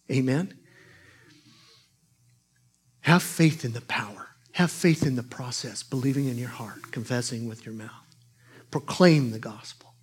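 A man preaching a sermon, telling a story with animated swings between loud exclamations and hushed asides. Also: mid-range voice, moderate pace, husky.

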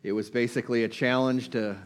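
A man preaching an informal sermon retells a Bible story in everyday language, peppered with fillers and restarts. His mid-range voice is steady, smooth and brisk.

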